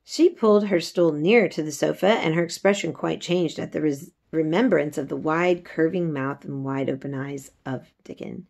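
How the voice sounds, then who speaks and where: Woman narrator reading a classic novel aloud, low and gravelly, measured delivery. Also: a little mellow. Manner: measured storytelling. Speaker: reader.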